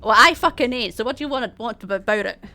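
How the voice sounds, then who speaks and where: A man's voice: very high-pitched, lively intonation, fast talker, sharp tone, soft background music, exaggerated voice. A woman voicing a belligerent, foul-mouthed man at a front desk in a tabletop game. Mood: hostile. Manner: swearing, confrontational.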